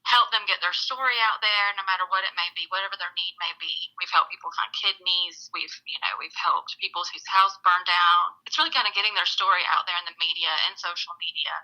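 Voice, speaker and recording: Bright, lively woman telling stories. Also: fairly low pitch, brisk, hardly any pauses, rough recording. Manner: animated, acts out quoted voices, laughs often. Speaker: guest. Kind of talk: casual storytelling interview.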